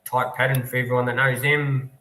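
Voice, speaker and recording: A man's voice: medium pitch, level tone, a little fast, sharp tone, a little hiss or hum. A man from New Zealand, a guest racing driver, chatting easily in an interview with lots of ums. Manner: easygoing, technical, many ums. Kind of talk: casual interview. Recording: echoey room.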